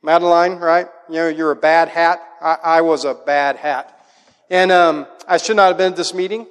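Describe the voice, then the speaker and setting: High-voiced male pastor in a reverberant hall. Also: normal speed, clean tone. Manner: animated storytelling, acts out a child's voice in quotes. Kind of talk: sermon with personal stories.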